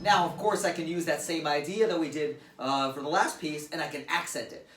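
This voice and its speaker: Man teaching drums over loud playing. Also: on the high side, fairly quick, few pauses, loud music behind the voice. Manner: counts beats aloud, explains plainly. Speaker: drum teacher. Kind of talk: casual instructional demo. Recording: roomy and distant, loud drums behind. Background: loud drum playing.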